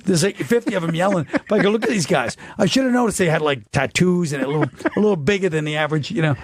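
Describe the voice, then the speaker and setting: New york guy rambling anecdotes, bit high voice, dry close mic. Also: rapid-fire, dry recording. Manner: rambling anecdotes with acted-out quotes. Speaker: guest comedian. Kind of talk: casual chat.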